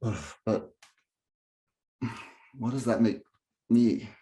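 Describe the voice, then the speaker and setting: Guy doing an intense bitter inner monologue, slow and biting. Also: lowish voice, mellow. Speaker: narrator and main character.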